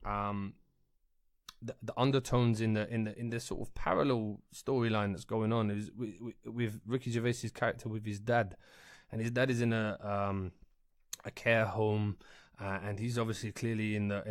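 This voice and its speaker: A man's voice: on the low side, no echo, clean studio sound. A young man hosting a podcast, chatting casually in a rambling, sweary and heartfelt way. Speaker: podcast host.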